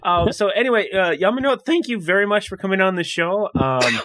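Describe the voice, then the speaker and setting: A man's voice: high voice, expressive, a little fast, noisy background. A man hosting a casual podcast, laughing often and rambling with restarts. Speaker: podcast host.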